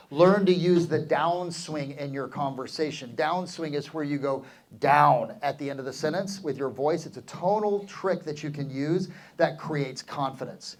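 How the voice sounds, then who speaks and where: A middle-aged man coaching real estate agents in a live seminar, talking energetically and quizzing the audience. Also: a little high. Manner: energetic, asks the crowd questions, calls for answers.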